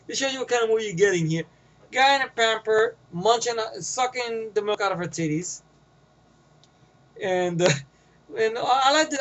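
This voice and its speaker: A man's voice: high voice, fairly bright tone, poor audio. A man with a New York accent giving a rambling, profane, casual movie review, often getting sidetracked.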